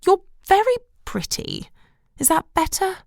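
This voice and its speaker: A woman's voice: extremely high pitch, sing-song, unhurried, gravelly, a little mellow, no echo, studio quality, voice pushed up, full character voice. A woman reading the part of a bitter, disapproving middle-aged mother in an audiobook, clipped and reproachful. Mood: critical.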